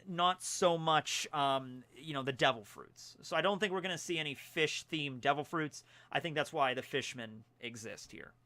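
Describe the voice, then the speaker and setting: A young man with a fairly high, bright voice and a forceful tone chats loosely from home on a livestream. Going through fan mail, he rambles with lots of fillers.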